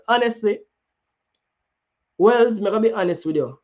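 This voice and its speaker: A man's voice: high voice, moderate pace, a little mellow, lo-fi sound. A man with a Jamaican accent hosting a football talk show, chatting casually and slipping into patois with many restarts. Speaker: football channel host. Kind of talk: casual chat.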